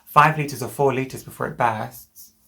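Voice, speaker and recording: A woman's voice: a bass voice, unhurried, gravelly, bright, forceful tone. A British woman in her twenties, a vlogger telling a personal story to the camera in a candid, emotional way. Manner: candid, emotional, vivid retelling.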